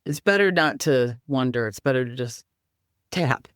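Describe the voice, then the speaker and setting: A woman's voice: a bass voice, animated, normal speed, smooth, no room sound, clean studio sound. A woman guest in an interview, explaining healing practices and teaching simple exercises step by step. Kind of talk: interview conversation.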